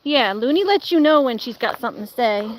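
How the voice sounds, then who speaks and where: A woman's voice: fairly high pitch, expressive, a little fast, a little hiss or hum. A young woman vlogging with her dog, chatting casually, laughing often and slipping into sing-song baby talk. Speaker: pet vlogger.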